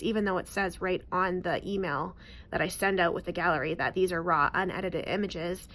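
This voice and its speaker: A woman's voice: on the low side, steady tone, brisk, fairly bright tone. A woman in her thirties, a newborn photographer, telling a client story to the camera in a chatty, emphatic way. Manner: chatty, emphatic, repeats words for stress.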